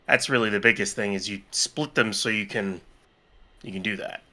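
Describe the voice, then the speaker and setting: A man's voice: lowish voice, normal speed, bright, forceful tone. A man co-hosting a live stream, casually explaining technical details with frequent fillers and restarts. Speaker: co-host answering questions.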